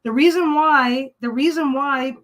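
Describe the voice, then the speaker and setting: Bright-voiced woman ranting bluntly. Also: sits high, measured pace, rough recording. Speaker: livestream host. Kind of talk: casual chat while sewing.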